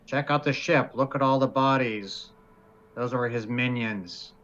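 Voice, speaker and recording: A man playing a blunt, deliberate adventurer. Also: medium pitch, fairly bright tone, lo-fi sound, lightly acted. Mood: declaiming. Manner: slow, deliberate declarations. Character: blunt adventurer addressing a frightened crowd.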